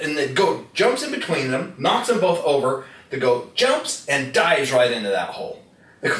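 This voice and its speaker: A man's voice: a little high, sing-song, moderate pace, a bit bright. A man giving a live product demonstration to an audience, telling stories and quizzing the crowd. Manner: folksy storyteller who quizzes the crowd. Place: indoor room with audience. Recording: echoey room, distant mic, faint noise.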